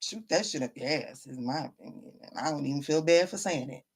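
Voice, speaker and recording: A woman's voice: low voice, a little fast, slightly rough. Blunt, salty-tongued woman tarot reader. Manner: blunt, profane, calls listeners baby and honey; emphatic, repeats lines for stress. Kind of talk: casual live-stream reading, answering viewers.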